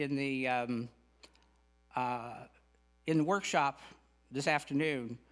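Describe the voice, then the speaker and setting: A man's voice: mid-range voice, fairly bright tone. A middle-aged man gives an earnest, folksy spiritual lecture with humorous asides as a guest speaker at a spiritual center.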